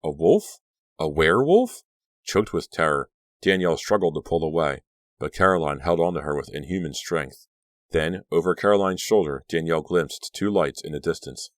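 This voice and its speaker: A man narrating an audiobook in a steady, measured storytelling manner. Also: extremely low pitch, dry recording, clean studio sound. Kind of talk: scripted narration.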